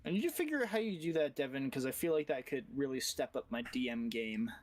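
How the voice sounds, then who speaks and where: A man running a tabletop game as dungeon master, speaking over a voice call. He jokes quickly with his players, then slows into descriptive narration of the scene. His tone stays casual throughout. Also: medium pitch, expressive. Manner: casual, joking, quick asides. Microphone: headset or desk mic on voice call.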